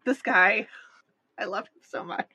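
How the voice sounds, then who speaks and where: A woman co-hosting a casual podcast, recorded dry and close with no room sound. She is wry, reads from her notes and drops deadpan jokes. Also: mid-range voice, measured pace, breathy edge, dry recording, dull audio. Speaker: podcast co-host. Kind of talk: casual chat.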